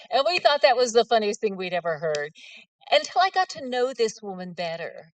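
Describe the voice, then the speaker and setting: A woman's voice: fairly high pitch, sing-song, brisk, no room sound, recorded from a distance. A middle-aged woman, telling humorous, self-mocking stories in an author's talk. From West Virginia. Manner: folksy, self-mocking storyteller.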